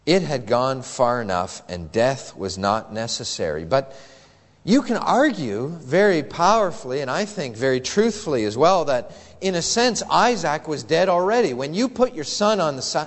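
A man's voice: on the high side, big pitch swings, moderate pace, in a large hall. A male pastor preaching an earnest, emphatic sermon that is full of rhetorical questions.

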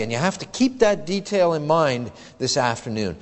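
A male preacher delivers a sermon with a lively, rising and falling voice pitched a little above the usual. He speaks in a measured, emphatic way, leaning on key words with deliberate pauses. His voice rings with a long reverb through the church. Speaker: pastor.

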